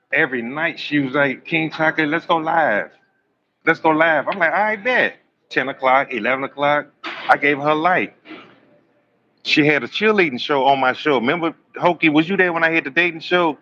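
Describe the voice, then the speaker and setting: A man's voice: mid-range voice, sharp tone, muffled recording, slight background noise. A man, preaching bluntly and swearing on a live stream, acting out both sides of arguments. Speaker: live-stream host and self-styled prophet.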